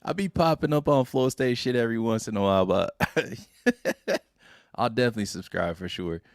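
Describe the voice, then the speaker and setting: A man's voice: mid-range voice, moderate pace, no room sound, studio quality. A man who is a panel guest on a casual live-stream chat, laughing often and swearing freely.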